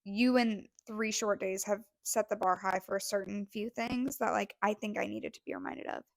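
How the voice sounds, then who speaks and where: A woman's voice: mid-range voice, gravelly, no room sound. A young woman co-hosting a podcast, telling a story in a casual, gushing way with many fillers, close to tears. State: near tears. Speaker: podcast co-host.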